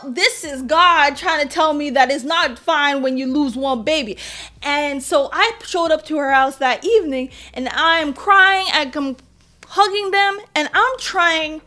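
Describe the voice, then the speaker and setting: A young adult woman hosting a podcast, telling a personal story in a candid, self-deprecating way with lively quoted asides. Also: high voice. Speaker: podcast host. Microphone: podcast mic.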